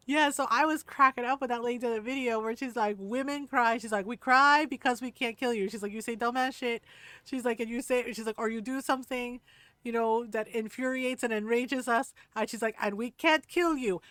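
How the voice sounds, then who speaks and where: A chatty woman streaming a game and telling stories as she plays, breaking into laughter and mimicking the people she quotes. Her voice sits a little high, and the sound is close and dry. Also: a little fast, a bit bright, no room sound. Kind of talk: casual chat while gaming.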